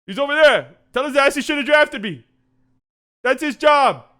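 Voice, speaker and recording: A man doing a high, taunting basketball star. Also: animated, normal speed, exaggerated voice. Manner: taunting, shouting gleefully. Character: cocky trash-talking male basketball star.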